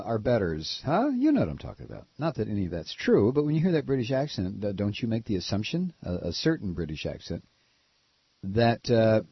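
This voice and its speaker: An American man hosting a talk radio show, delivering a sarcastic, mocking monologue that swings between shouted rants and low muttered asides. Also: husky, no echo, highs cut off. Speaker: political talk radio host.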